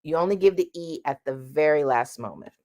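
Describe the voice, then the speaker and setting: A woman's voice: low-pitched, animated, fairly quick, darkish tone. A woman teaching a singing lesson, explaining vowel sounds and singing short vowel demonstrations between her explanations.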